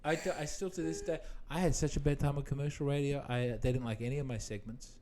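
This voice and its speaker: A man's voice: medium pitch, steady tone, fast, a crowd in the background. An Australian man on a comedy chat show, telling stories playfully and slipping into funny voices. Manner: playful storyteller who breaks into funny voices. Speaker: comedian guest. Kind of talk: casual chat.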